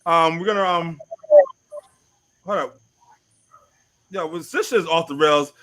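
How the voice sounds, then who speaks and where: A man's voice: on the high side, unhurried, bright, forceful tone, no room sound. A man hosting a podcast panel, talking loosely and profanely and repeating himself. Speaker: podcast host. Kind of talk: casual panel chat.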